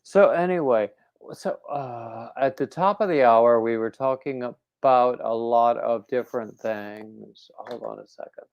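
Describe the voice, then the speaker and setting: A man's voice: mid-range voice, measured pace, no echo, highs cut off. A man hosting a crafting livestream, rambling casually and reading out viewer comments. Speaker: crochet livestream host.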